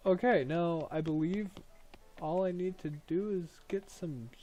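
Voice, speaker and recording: Cast note: young gamer guy, rambling let's-play commentary, slightly higher voice. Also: unhurried, mellow, highs cut off. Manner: jokey, rambling asides. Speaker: gaming video host. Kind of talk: let's play commentary, reading game text aloud.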